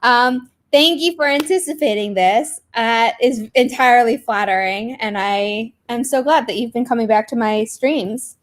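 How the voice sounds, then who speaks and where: A woman's voice: a little high, a little slow, few pauses, a little hiss or hum. A young woman hosting a casual writing livestream, chatty, greeting viewers with lots of fillers. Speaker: livestream host. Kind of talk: casual chat on a writing sprint stream.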